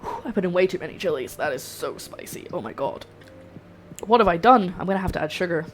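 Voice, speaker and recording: A woman's voice: on the low side, lively intonation, fast talker, slight background noise. A young woman streaming herself cooking, chatting and rambling to her viewers while she works in her home kitchen. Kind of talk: live-stream cooking chat. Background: faint background music.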